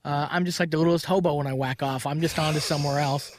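A man's voice: fairly high pitch, quick pace. A man hosting a podcast in a studio, telling frank, crude stories in casual comedic chat. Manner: frank, crude, animated storytelling. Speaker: podcast host. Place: recording studio. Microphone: studio microphone.

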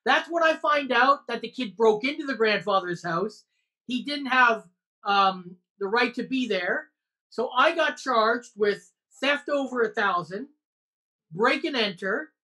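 Woman w/ a bright, kinda high voice, telling a story, swearing lots. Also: takes it slowly. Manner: animated storytelling with frequent swearing. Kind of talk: casual chat.

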